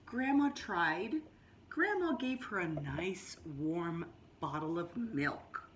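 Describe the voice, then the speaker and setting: A woman teacher reading a picture book aloud to children, explaining words as she goes, with drawn-out storybook phrasing and sudden high exclamations. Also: expressive.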